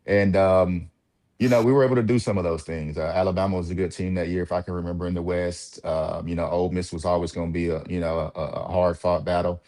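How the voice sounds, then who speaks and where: A man from Mississippi with a very low voice talks through his college basketball days as an interview guest. He is relaxed and reflective, leaning on fillers and small laughs. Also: quick pace. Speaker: former college point guard, guest. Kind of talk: casual interview talk.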